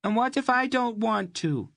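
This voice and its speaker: Storybook casting: a bold, teasing young girl, lifted high, voiced by a male narrator, close and dry. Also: animated, moderate pace, a bit bright, no echo, exaggerated voice. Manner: playful, coy.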